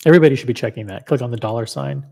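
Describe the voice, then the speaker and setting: A man's voice: mid-range voice, rapid-fire, gravelly, warm tone. A man hosting a casual livestream, talking straight to viewers in an upbeat way. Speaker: livestream host.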